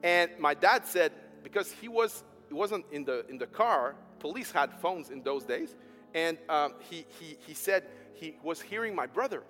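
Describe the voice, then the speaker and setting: Preacher man, bright voice, lively pitch, long hall reverb, faint music behind. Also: normal speed. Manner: animated, emphatic, swings loud and soft. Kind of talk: storytelling sermon.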